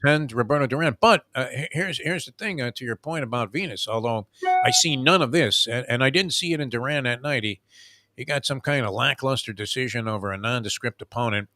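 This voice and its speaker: Older man, sports talk host, bright sharp tone, rambling, restarts, dry close sound. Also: medium pitch, brisk, no echo. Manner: rambling storyteller, many fillers and restarts. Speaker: show host. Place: home room.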